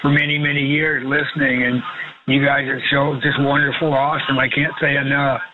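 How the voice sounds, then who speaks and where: A man's voice: medium pitch, little pitch movement, fairly quick, narrow, tinny audio, noisy background. An 82-year-old man calling in to a radio show by phone, effusive and rambling in a friendly way. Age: 80s. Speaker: caller. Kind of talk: phone-in chat. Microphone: phone line.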